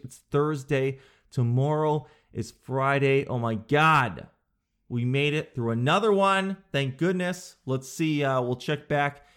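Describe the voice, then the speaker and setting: A young man hosting a show, telling a comedic story and acting out store clerks in a high voice and his own answers low and slow. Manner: drops low and slow to demonstrate a flat no. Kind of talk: comedic monologue.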